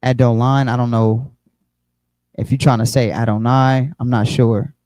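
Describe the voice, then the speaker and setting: A man leads an online Bible study from a computer mic. His voice is dark and mellow, recorded dry and close, and he explains in a loose, repetitive way, often restarting his words. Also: medium pitch, flat delivery, a little slow, dry recording, low-quality recording. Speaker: Bible teacher.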